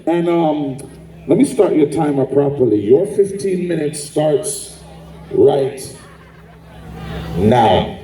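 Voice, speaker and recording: A man working as a sound clash MC, hyping a live crowd with loose, rambling patter and shout-outs. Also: fairly high pitch, expressive, takes it slowly, long pauses. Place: large live event venue. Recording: roomy, distant live recording.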